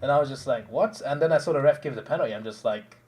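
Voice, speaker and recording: A young man hosting a live stream, telling stories in animated casual chat with restarts and bursts of laughter. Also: medium pitch, racing, slight background noise. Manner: animated storytelling, mimicking others, frequent laughs and restarts.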